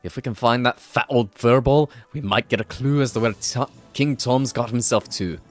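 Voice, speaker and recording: A man's voice: medium pitch, moderate pace, faint music behind, close to an everyday voice. A man voicing a cheeky male fairy sidekick with a put-on regional accent, chirpy and full of slang. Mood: bossy.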